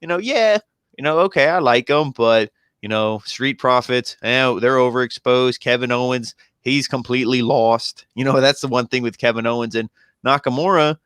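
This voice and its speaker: A man's voice: mid-range voice, steady tone, moderate pace, a bit bright, smooth, no echo, studio quality. A man chatting casually as a wrestling show reviewer, opinionated and full of conversational fillers. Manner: opinionated, conversational, lots of "you know". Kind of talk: casual podcast chat.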